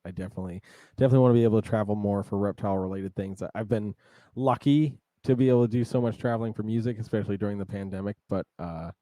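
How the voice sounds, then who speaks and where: A man's voice: fairly low pitch, racing, mellow, no room sound, studio quality. A man co-hosting a podcast in casual chat, laid-back and laughing easily. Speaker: podcast co-host.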